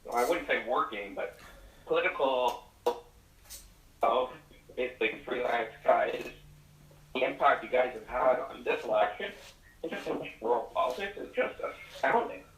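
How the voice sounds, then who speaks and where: A man's voice: mid-range voice, expressive, normal speed, pauses often, fairly bright tone. A man calling in to a livestream, praising the host in an effusive, rambling way with many fillers. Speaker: caller. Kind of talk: phone-in call. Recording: roomy, distant phone call.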